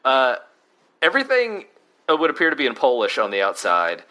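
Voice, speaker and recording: Dry joking guy reviewing snacks, bouncy bright voice. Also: medium pitch, expressive, a little fast. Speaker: podcast co-host. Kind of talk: casual snack-review chat.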